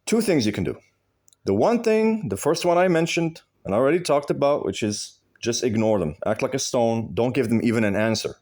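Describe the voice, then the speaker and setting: A man's voice: mid-range voice, expressive, normal speed, darkish tone. A man giving advice in a direct monologue, blunt and emphatic, swearing freely and repeating phrases for stress. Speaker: video host giving advice.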